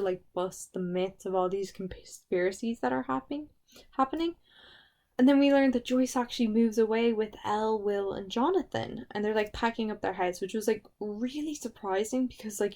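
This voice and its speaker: A woman's voice: mid-range voice, darkish tone. A woman giving a casual spoken review of a TV series, gushing and emotional, with lots of "like" fillers.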